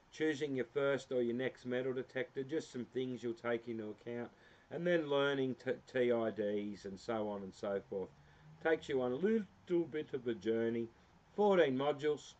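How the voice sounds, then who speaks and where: An Australian man in an easygoing, rambling livestream, stopping often for ums and little jokes at his own expense. His voice sits at an ordinary middle pitch. The sound is a bit muffled and lo-fi, as if from a basic desk mic. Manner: rambling, filler-heavy, self-deprecating. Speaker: livestream host. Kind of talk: casual livestream walkthrough. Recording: slightly dull lo-fi sound.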